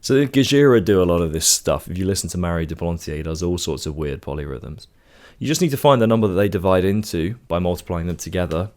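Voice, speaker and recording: A man's voice: low voice, animated, fast talker, a little mellow. A man from the United Kingdom teaching a songwriting lesson in a casual, step-by-step way, counting beats aloud. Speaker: music teacher. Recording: faint guitar and music behind.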